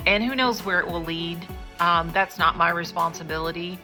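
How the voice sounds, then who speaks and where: A woman's voice: on the low side, normal speed, over music. A woman in her early fifties hosting an interview, speaking sincerely and emotionally, close to tears at times. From rural United States. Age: 50s. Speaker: podcast host. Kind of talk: heartfelt conversation and closing to camera.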